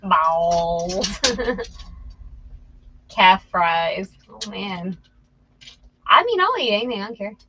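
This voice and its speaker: A woman's voice: medium pitch, big pitch swings, slow, long pauses, pushed and bright, breathy edge, lo-fi sound. A woman co-hosting a reseller channel, chatting and joking casually while working.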